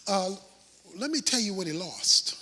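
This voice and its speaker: Male preacher, high bright husky voice, lively dramatic delivery, echoey hall. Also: a little slow. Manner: dramatic preaching, swings between shouts and hushed asides. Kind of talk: sermon.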